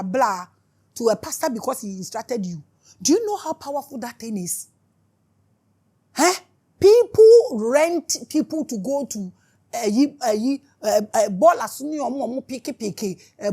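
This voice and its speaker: Speaking as a spiritual teacher, a Ghanaian-accented woman gives a fiery, scolding talk full of passion, switching back and forth between Twi and English. Her voice is high-pitched and warm, touched with breathiness.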